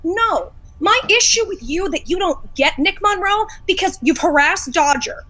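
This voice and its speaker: Woman guest, very high bright voice, combative profane call-out tirade. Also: lively intonation, measured pace, few pauses. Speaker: guest in a livestream debate. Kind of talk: heated call-out rant.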